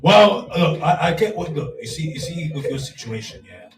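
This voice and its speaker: A man with a Nigerian accent hosts a radio talk show, animated and chatty. His voice sits a little high and sounds roomy, picked up from some distance. Soft music plays underneath. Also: normal speed. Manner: animated, hypes up, repeats "you get me". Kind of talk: casual radio chat.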